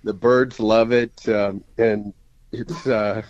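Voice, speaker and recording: A man's voice: fairly low pitch, level tone, slow pace, a little mellow. A man calling in to a radio show, eager and grateful as he talks. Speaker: radio caller. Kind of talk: call-in chat. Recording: dull phone-in line.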